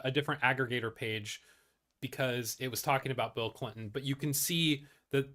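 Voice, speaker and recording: Man, news commentary host, casual reading of articles, blunt, swears, fillers, bright tone. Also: a little high. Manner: blunt and profane, many fillers and restarts.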